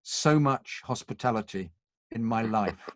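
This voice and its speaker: A middle-aged man with a fairly low voice answers questions on a video call. He talks haltingly, full of fillers and restarts. The sound is dry and close, with no room around it. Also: no room sound. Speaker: guest voice actor. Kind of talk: casual Q&A chat.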